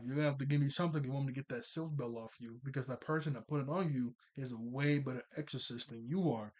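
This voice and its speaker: Male anime reviewer, casual rambling recap, mid-range voice, laughs a lot. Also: medium pitch. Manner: rambling, laughs often, quick paraphrased quotes.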